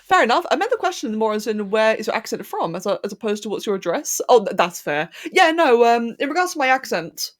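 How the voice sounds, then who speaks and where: A woman's voice: on the high side, very animated, fairly quick, few pauses. A woman from London with an English accent, chatting casually on a live stream while she works on a 3D model, laughing often and tripping over her words. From London, England. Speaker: streamer and 3D artist.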